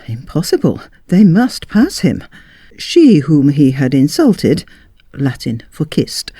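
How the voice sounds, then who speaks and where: A narrator reading a period story aloud with expressive delivery. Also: mid-range voice, dry recording, clean studio sound.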